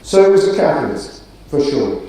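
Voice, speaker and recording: A middle-aged man delivers a ceremonial address with a mellow, relaxed tone and a dry, self-deprecating wit, pausing on small fillers. His voice carries from a distance through a very echoey auditorium. A faint murmur of the room sits underneath. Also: on the high side. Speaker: graduation speaker. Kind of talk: ceremonial speech. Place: large auditorium. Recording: roomy hall, distant mic, faint ambience.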